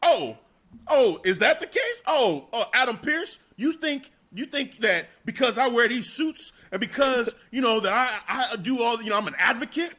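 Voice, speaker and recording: A man imitating a boastful wrestling manager, talking fast and wide-eyed. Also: very high voice, very animated, sharp tone, voice pushed up, heavily acted. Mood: indignant boasting. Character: brash, boastful older male wrestling manager.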